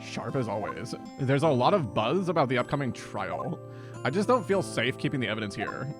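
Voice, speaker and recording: A composed older sister and lawyer, voiced by a woman speaks in a low, even voice with gentle, dry teasing. Game music hums in the background. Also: moderate pace. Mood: calm.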